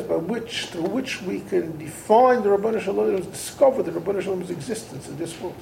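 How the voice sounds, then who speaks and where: This is a man with a notably high, very gravelly voice, teaching a Torah lesson in a roomy, echoing space. His delivery swings widely in pitch as he tells a story and digresses freely. Faint noise sits under the recording. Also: mellow. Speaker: rabbi teaching a Torah class. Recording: roomy echo.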